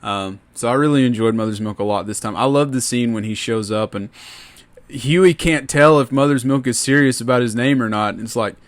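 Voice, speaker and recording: A man's voice: medium pitch, fairly quick. A man co-hosting a casual podcast chat, easygoing and retelling scenes with lots of "like". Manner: easygoing, storytelling, frequent "like". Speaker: podcast co-host.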